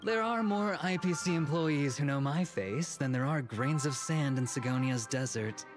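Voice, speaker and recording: An actor playing a smug, dismissive executive who teases offhandedly. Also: male voice, on the high side, moderate pace, music in the background, close to an everyday voice. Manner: teasing, offhand, condescending. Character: smug, aloof male executive, coolly dismissive. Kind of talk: game voice acting.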